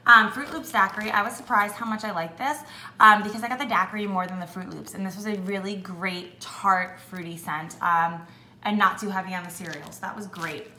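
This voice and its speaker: A woman's voice: medium pitch, steady tone, a little fast, bright, forceful tone. A young woman chatting casually at home, reviewing products with lots of fillers. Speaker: beauty vlogger. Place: home with dogs. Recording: echoey room, faint noise.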